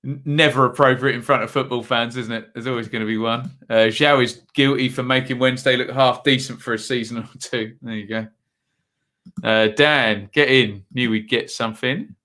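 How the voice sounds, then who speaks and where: A man's voice: mid-range voice, fairly even intonation, moderate pace, sharp tone. A man hosting a live football watchalong stream, chatting casually and reading out viewer comments between match updates.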